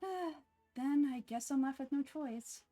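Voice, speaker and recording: A woman's voice: high-pitched, unhurried, mellow, faint music behind. A woman voicing a small playful male bard spirit in a game dub, cheeky and theatrical. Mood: playful boastful.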